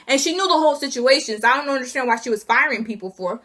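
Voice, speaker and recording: A young woman vlogger telling an indignant, animated story about being fired, acting out each side of the conversation. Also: high voice, fast, few pauses. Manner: indignant, animated retelling with acted quotes. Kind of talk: casual storytime rant.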